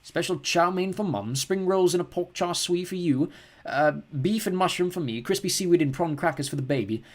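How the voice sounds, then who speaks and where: A man's voice: on the high side, lively intonation, fast, breathy edge, voice pushed up. A man voicing a cheerful, joking father in an audiobook, chatty and teasing. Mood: jovial.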